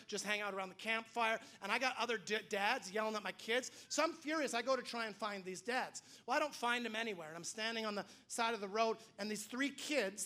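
A man's voice: sits high, sharp tone. A man preaching a sermon, telling a story animatedly, acting out the voices he quotes and often restarting his words. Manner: frequent restarts and repeated words. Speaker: pastor.

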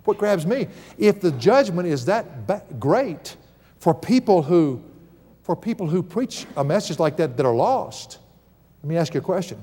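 Middle-aged male pastor, sermon delivery, emphatic with folksy humorous asides, a touch high-voiced, church hall reverb. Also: warm tone. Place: church sanctuary.

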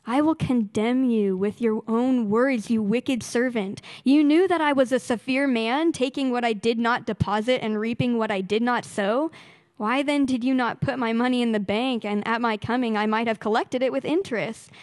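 A woman reading a Bible passage aloud to a church congregation in a steady, deliberate way. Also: a little high, dry recording. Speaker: scripture reader.

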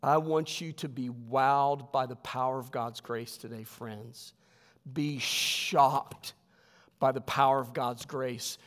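A male pastor preaching a sermon in a church, swinging from loud emphatic lines to hushed ones. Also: mid-range voice, steady tone, slow pace, big-room sound. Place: church sanctuary.

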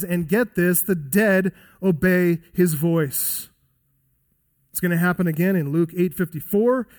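Male pastor, high voice, preaching with slow emphatic stress on key words. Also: a little mellow. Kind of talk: expository sermon.

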